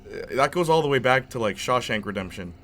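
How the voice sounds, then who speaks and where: Young male gaming host, mid-pitched, loose and rambling, casual commentary with faint background noise. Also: expressive, a little fast, fairly bright tone. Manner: rambling, chatty storyteller.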